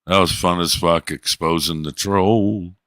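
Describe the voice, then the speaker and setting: A low-pitched man rambles through a casual livestream, swearing freely and telling jokey stories. His tone is forceful and bright, recorded dry and close with no room sound. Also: steady tone, measured pace, dry recording. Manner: profane, joking storyteller with voice impressions. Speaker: livestream host. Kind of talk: casual rambling stream chat.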